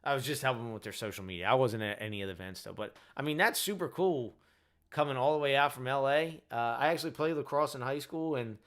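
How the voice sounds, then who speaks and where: A man's voice: mid-range voice, fast talker, fairly bright tone. A tired man in his thirties hosts a casual livestream chat and rambles, filling his talk with "like" and "you know". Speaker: host.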